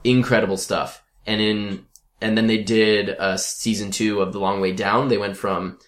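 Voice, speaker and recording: A man's voice: on the low side, level tone, normal speed, fairly bright tone. A man hosting a casual chat, eagerly telling long stories. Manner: enthusiastic storyteller, chatty.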